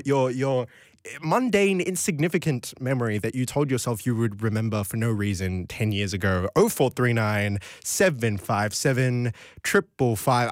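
Giggly, rambling Australian radio host. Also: male voice, mid-range voice, no room sound, studio quality. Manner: rambling, giggly, goes off on tangents. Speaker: late-night radio host. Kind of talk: casual radio chat reading listener texts. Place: radio studio. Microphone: studio microphone.

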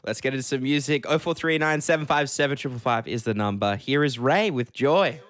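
A radio co-host in casual on-air chat, playful and quick to laugh. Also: mid-range voice. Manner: playful, laughs often, nerdy enthusiasm. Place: radio studio.

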